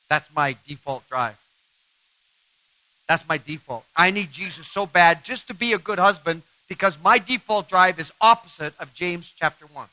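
A man giving a sermon-style talk on marriage, animated and self-mocking, laughing often. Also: on the high side, normal speed, dry recording, poor audio. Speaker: marriage speaker.

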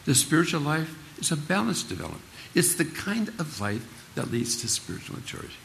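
A man's voice: on the high side, very animated, brisk, gravelly, fairly bright tone, a little hiss or hum. An older man preaching a sermon in a folksy, humorous storytelling manner.

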